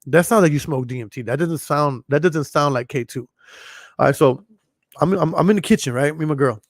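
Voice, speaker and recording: A podcast host with a slightly high voice talks briskly, recorded dry with studio quality. His casual storytelling monologue is a long, rambling, profane tale in which he repeats himself.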